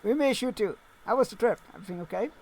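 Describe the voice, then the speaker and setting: A man playing a gentle, caring mother. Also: sits high, expressive, fast talker. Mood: reassuring.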